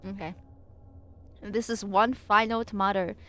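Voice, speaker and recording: A woman's voice: medium pitch, steady tone, normal speed, fairly bright tone. A young woman streaming as a VTuber, chatting and reading aloud in a rambling, giggly way with many fillers and restarts. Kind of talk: casual livestream chat and reading.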